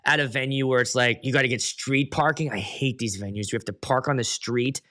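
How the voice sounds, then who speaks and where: A man's voice: medium pitch, brisk. A man hosting a casual livestream as a DJ, telling stories and acting out quotes from guests with plenty of swearing. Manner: animated storyteller who acts out quotes with swearing. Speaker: DJ and livestream host.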